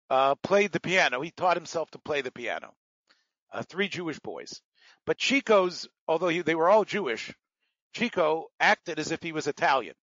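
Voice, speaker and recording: Man, Talmud teacher, slightly raised pitch, rambling patient explanations, dull dry sound. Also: fairly bright tone, dry recording. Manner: digressive, explains terms patiently, many fillers. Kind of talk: lecture with asides.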